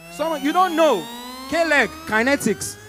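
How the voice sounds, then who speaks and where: A Nigerian man with a high-pitched voice performs live stand-up comedy. He tells his stories with animated energy and keeps turning to address the audience directly. His Nigerian accent colors every line. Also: normal speed, long reverb tail, slight background noise.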